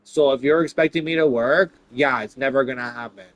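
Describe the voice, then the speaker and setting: A man's voice: medium pitch, a little fast, low-quality recording. A man ranting casually to camera, exasperated and profane, with lots of "like" fillers. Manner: many "like" fillers. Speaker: vlogger. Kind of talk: casual rant.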